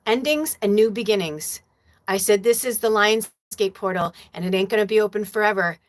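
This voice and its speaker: A woman with a mid-range voice speaks at a moderate pace while hosting a spiritual livestream as a medium. She talks casually, emotionally and profanely, reads viewer comments aloud, and is tearful at times.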